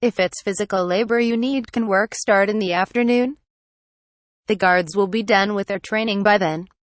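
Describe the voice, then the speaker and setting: A caring, sensible noblewoman from a fantasy audiobook, as a woman reader voices her. She speaks kindly but firmly, at a middle pitch, with a dry, close sound. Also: normal speed, no room sound, lightly acted.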